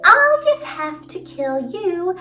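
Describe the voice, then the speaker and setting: A woman voicing a wicked witch who makes slow, gloating threats. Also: very high voice, big pitch swings, pitched above the performer's own voice, full character voice. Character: menacing scheming female witch, adult. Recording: roomy, distant, music behind.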